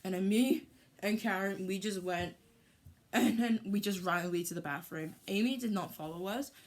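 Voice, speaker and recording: A woman vlogger telling a storytime, animated and heated, with lots of "like". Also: mid-range voice, normal speed. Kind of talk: storytime vlog.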